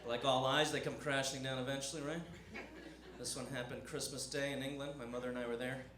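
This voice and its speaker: A man's voice: medium pitch, little pitch movement, a little fast, crowd noise. A man telling a self-mocking stand-up story on a comedy club stage. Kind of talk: stand-up set. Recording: echoey club room with audience noise.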